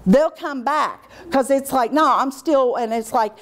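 A middle-aged woman trains teachers in a workshop lecture, speaking with liveliness. To show how she talks to kids, she drops her voice and keeps it steady and measured.

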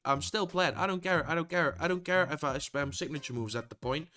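A young man commentating his own gameplay, swinging between frustrated shouts and low muttering, swearing often. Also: brisk, soft background music. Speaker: gaming YouTuber.

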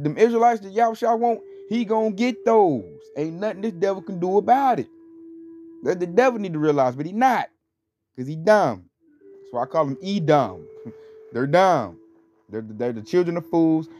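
A slightly mellow voice on the high side belongs to a religious teacher giving a casual, rambling talk, with a little hiss or hum. He fills it with verbal fillers and scornful stress, and faint music plays in the dull lo-fi recording.

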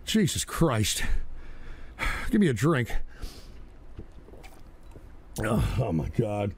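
A man hosting a live radio show, ranting and suddenly breaking into shouting and swearing. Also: on the low side, drawn-out words, vocal fry, long pauses. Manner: excitable, bursts into shouting and swearing. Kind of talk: live call-in radio rant.

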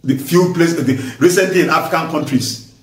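A man with a Nigerian accent delivers fiery political commentary, pressing each point again and again with blunt force. His voice sits fairly high for a man. He sounds far from the mic in a room full of echo. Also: moderate pace. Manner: forceful, repetitive, emphatic, mixes in pidgin. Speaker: vlogger. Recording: echoey room, voice distant from mic.

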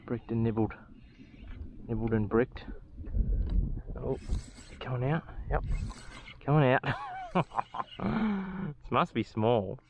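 A young man, a fishing vlogger, chatting to his camera outdoors by the water, excitable and swearing as he mutters to himself. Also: mid-range voice, slow, pauses often, dull audio, slight background noise. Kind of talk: casual running commentary to camera.

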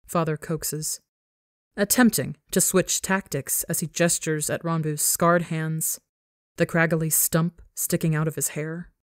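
A woman's voice: sits low, no echo, clean studio sound. A woman narrating a dramatic fan fiction story for a podcast in an intense storytelling manner.

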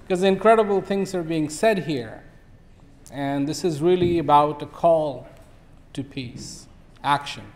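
Man, fifties, guest speaker, relaxed storyteller, slightly high voice. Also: unhurried. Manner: relaxed storyteller, acts out animals. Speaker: invited speaker. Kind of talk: speech with storytelling.

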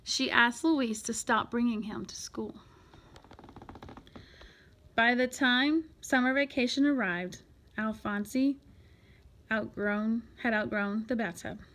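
A woman reading a children's picture book aloud in an expressive, lively way. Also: a little high, takes it slowly, pauses often. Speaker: storyteller.

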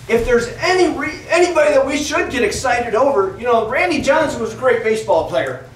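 A man teaching a children's Sunday school class, telling a Bible story slowly and with animation and asking the children questions. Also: very high-pitched, expressive. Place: church classroom. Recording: echoey room, distant mic, faint noise.

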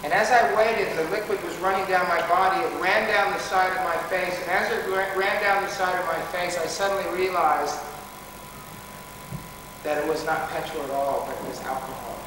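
A man's voice: high-pitched, fairly even intonation, normal speed, noisy background. A man giving a dramatic personal storytelling talk to a school assembly, recorded from far off in a large hall. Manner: dramatic, rises to pleading shouts. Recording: distant echoey hall recording.

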